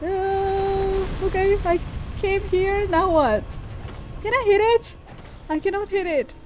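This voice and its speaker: High-pitched woman calmly talking thru a game, lots of little laughs, music underneath. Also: slow pace. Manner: chatty, laughs often, talks to the boss. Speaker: gaming video host. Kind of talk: live gameplay commentary.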